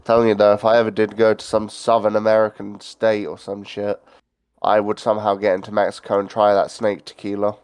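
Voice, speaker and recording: A man's voice: on the low side, monotone, a little fast, darkish tone, smooth, dry recording. A man with an English accent, a guest in casual chat, trading crude jokes. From England. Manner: crude, joking banter.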